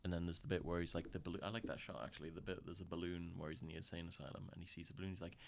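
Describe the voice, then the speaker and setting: A young man from Scotland talks through a film on a casual podcast with friends. His voice is low and gravelly with fry. He rambles, swears a lot and drops into quick put-on voices to retell scenes. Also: little pitch movement. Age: young adult. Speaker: podcast co-host.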